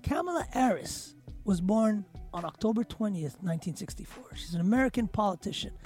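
A man's voice: sits high, lively intonation, fairly quick, a little mellow, soft background music. A man hosting a casual podcast, giving opinionated commentary with passion and emphatic repetition. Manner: passionate, emphatic, repeats words for stress.

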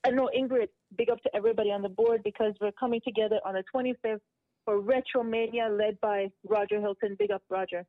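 A woman from a community association calling in to a radio show, giving upbeat announcements and shout-outs. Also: medium pitch, steady tone, fast, no echo. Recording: tinny phone line.

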